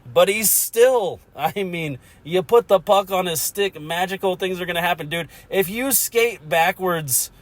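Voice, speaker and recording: Chuckling, rambling male podcast host. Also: a little high. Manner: rambling, chuckles often, self-mocking. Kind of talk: casual solo podcast monologue.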